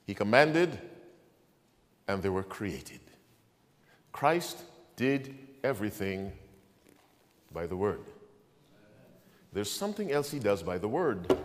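A male pastor preaching a sermon, asking the congregation to answer back and swinging between quiet asides and loud proclamation. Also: mid-range voice, sing-song, takes it slowly, long pauses, in a large hall.

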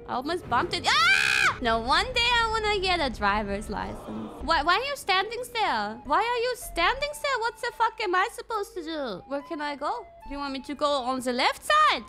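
Very high-pitched excitable woman gamer. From Europe. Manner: excitable, swears often, bursts into shouting. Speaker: streamer playing a driving game. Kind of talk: live gameplay commentary. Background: game music.

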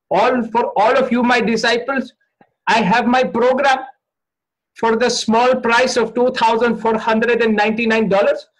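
A man's voice: very high-pitched, rough recording. Man doing a greedy, serene fake guru. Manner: slow sermonizing in broken English. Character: money-grubbing male guru, serene and preachy.

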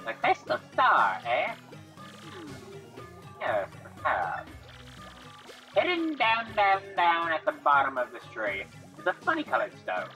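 A woman's voice: low voice, huge pitch swings, a little slow, long pauses, faint music behind, full character voice. A woman voicing a cranky old female creature elder who scolds and barks orders. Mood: musing. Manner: bossy, scolding, shouting orders.

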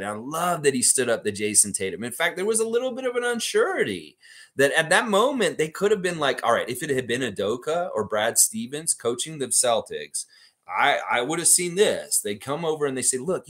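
A man with a medium-pitched voice hosts a fan livestream in a loose, chatty way. He reads out viewer comments, breaks into easy laughter, and wanders off into rambling asides. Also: big pitch swings, normal speed, a bit bright. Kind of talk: casual chat, reading out live comments.

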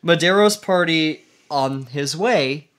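A man's voice: on the high side, slow pace, a bit bright. Laid-back man telling history casually. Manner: rambling, laughs often, many fillers and restarts. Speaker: podcast co-host leading the history topic. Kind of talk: casual podcast chat. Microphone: studio microphone.

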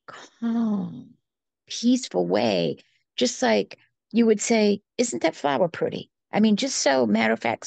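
An older woman telling a personal story as an interview guest, earnest and unhurried, with small restarts. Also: medium pitch, gravelly, dry recording.

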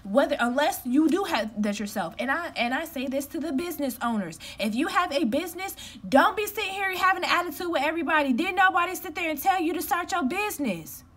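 A young woman with a high voice rants straight at the camera, blunt and emphatic. She talks casually from home, venting in a direct, no-nonsense manner. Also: lively intonation, fast, hardly any pauses, a bit bright. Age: young adult. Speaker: customer care representative.

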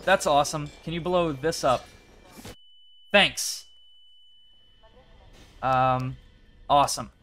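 A man's voice: on the high side, slow, pauses often, fairly bright tone, slight background noise. Young man pleading and swearing through gameplay. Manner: talks to himself and game characters, pleading and swearing. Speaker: gaming YouTuber. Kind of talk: casual gameplay commentary.

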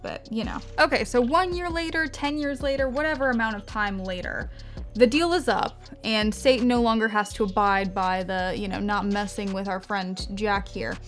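A woman's voice: mid-range voice, normal speed, a bit bright, faint music behind. A woman vlogger casually telling a story while doing her makeup, rambling into tangents, cutting herself off and swearing freely. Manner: rambling, chatty, self-interrupting, swears freely. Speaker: beauty vlogger.

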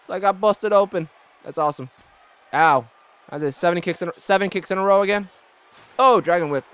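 Young man, high voice, casual gameplay commentary, excitable, swears a lot. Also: a little fast, smooth. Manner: excitable, profane, reacts loudly. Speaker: gaming YouTuber.

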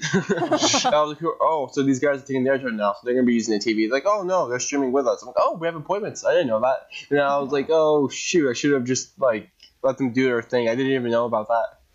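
A man co-hosting a podcast in casual chat, excitable and rambling, with lots of "like". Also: mid-range voice, quick pace, lo-fi sound. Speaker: podcast co-host.

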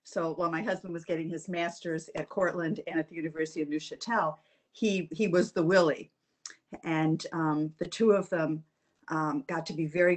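Brief: older woman panelist, lowish voice, chatty anecdote, laughs often. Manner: chatty, laughs through her stories. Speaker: alumna panelist. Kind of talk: storytelling on a panel.

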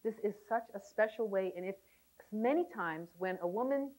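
A woman's voice: mid-range voice, animated, moderate pace, darkish tone, poor audio. A woman leading a relationship class, talking animatedly to a live audience and laughing often. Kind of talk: seminar talk to a live class. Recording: 1990s VHS seminar tape.

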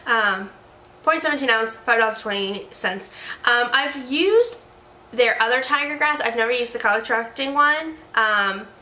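Chatty bright-voiced woman in an echoey room. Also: on the high side, moderate pace. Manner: chatty and playful, with joking asides and self-corrections. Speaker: beauty product reviewer. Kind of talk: casual product review chat.

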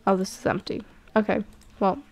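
Sarcastic gravelly-voiced woman gaming. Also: medium pitch, flat delivery, brisk, darkish tone. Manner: sarcastic and playful, swears at characters. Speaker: gameplay commentator. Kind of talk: casual game commentary, reading character lines aloud.

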